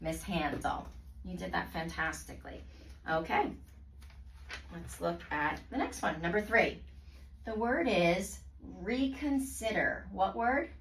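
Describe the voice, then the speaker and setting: A woman tutoring a student in reading, praising often and sounding out words slowly in parts. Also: lowish voice, a bit bright, slight background noise. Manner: slow, clearly segmented word pronunciation. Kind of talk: one-on-one reading lesson. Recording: roomy sound from a distance.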